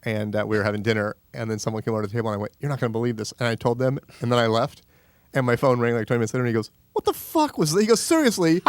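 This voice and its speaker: A man's voice: medium pitch, flat delivery, rapid-fire, clear, resonant tone, no room sound. A man co-hosting a podcast, telling stories in casual banter. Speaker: podcast co-host.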